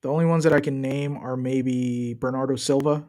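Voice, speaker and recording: A man's voice: medium pitch, fairly even intonation, moderate pace, darkish tone. A young man chatting loosely and joking as he streams his reactions to a football match. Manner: loose, joking, trash-talking. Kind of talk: casual live-stream commentary.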